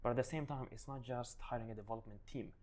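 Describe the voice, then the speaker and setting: A man speaking as the guest in a business interview, relaxed and often restarting his sentences. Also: medium pitch, fast talker. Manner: relaxed, many restarts and "you know". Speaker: guest, digital advisor. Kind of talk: casual interview answers.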